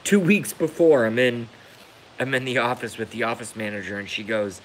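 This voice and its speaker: A man's voice: medium pitch, brisk, a little hiss or hum, low-quality recording. A man ranting on a live stream, emotional and emphatic, repeating his points to hammer them home. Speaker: livestreamer.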